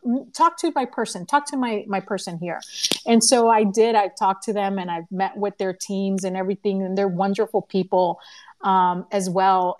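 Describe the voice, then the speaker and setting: A woman organizing a conference, telling a story in a casual live audio room with lots of laughter and acted-out quotes. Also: medium pitch. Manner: animated, laughing, acts out quoted voices. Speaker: conference organizer and podcast host. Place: home living room. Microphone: phone or computer mic in a live audio room.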